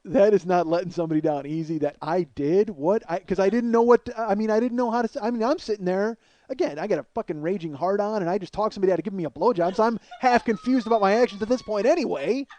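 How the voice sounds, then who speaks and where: A man with a slightly high voice tells a comic story in a rambling, self-mocking way, with plenty of swearing. The recording is close and dry, with no room sound around him. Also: fast, hardly any pauses, darkish tone, no echo. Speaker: comedian.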